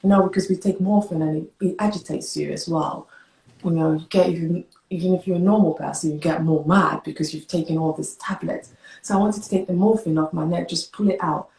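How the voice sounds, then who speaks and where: A woman being interviewed, telling a personal story in an animated, emotional way, with hurried, broken phrasing. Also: fairly low pitch, vocal fry. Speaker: interview guest. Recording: roomy echo.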